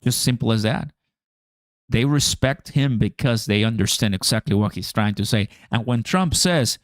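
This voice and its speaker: A man's voice: mid-range voice, normal speed, dry recording, clean studio sound. A man hosting a crypto livestream, chatting casually to viewers in a slangy way and laughing often.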